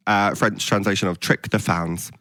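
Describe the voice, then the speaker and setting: Playful, bright-voiced male podcast host. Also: on the low side, steady tone, no room sound, clean studio sound. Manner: playful, quick quips. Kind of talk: casual chat.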